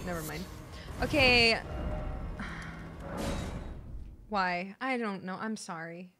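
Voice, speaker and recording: A young woman streaming a video game, chatting with her viewers, swearing and yelling at the game, then apologizing and teasing herself. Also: mid-range voice, drawn-out words, over music. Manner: self-mocking, teasing chat. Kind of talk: casual live gameplay commentary to chat.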